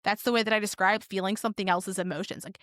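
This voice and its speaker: A woman's voice: medium pitch, steady tone, fast talker, a bit bright, dry recording, clean studio sound. A woman co-hosting a casual podcast, telling stories with lots of swearing and acted-out quotes. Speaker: podcast co-host.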